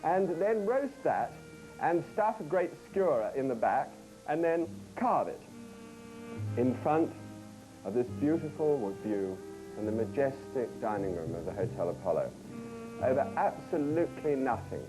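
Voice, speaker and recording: Male cooking host teasing his studio audience, lively pitch, music under. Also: unhurried, low-quality recording. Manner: wry, teasing asides. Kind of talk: comic cooking show banter with studio audience. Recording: archival TV broadcast.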